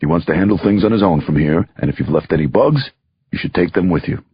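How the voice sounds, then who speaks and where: A man's voice: sits low, quick pace, husky, no room sound, highs cut off. A man voicing a brash, streetwise middle-aged male lawyer with a Brooklyn accent in an audiobook. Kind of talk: audiobook character voice.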